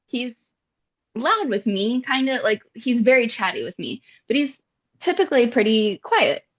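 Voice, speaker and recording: A woman's voice: a little high, measured pace. A woman co-hosting a podcast, telling stories casually and expressively, often laughing. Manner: animated, expressive storyteller, laughs a lot. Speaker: podcast co-host. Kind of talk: casual chat. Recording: slightly dull audio.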